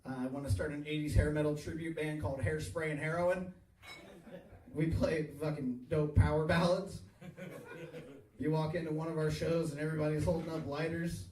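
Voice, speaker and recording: A man's voice: fairly high pitch, flat delivery, normal speed, warm tone. Crude self-mocking man doing stand-up. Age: 30s. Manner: crude, self-mocking, chuckles at own jokes. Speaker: stand-up comedian. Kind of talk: stand-up comedy set. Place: small tavern stage, live audience. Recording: echoey bar, voice from far off.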